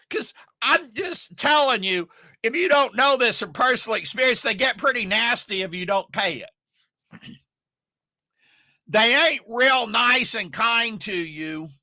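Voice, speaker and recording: A middle-aged man from Oklahoma coaching online marketers, speaking in a folksy, emphatic way with loud bursts. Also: very high voice, animated, slow, pauses often, dry recording. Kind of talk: motivational talk to camera.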